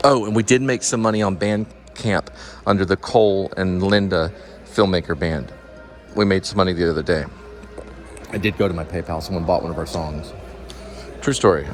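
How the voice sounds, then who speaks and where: A man vlogging casually as he walks through a shopping mall, rambling and thinking aloud. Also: low-pitched. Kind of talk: casual walking vlog.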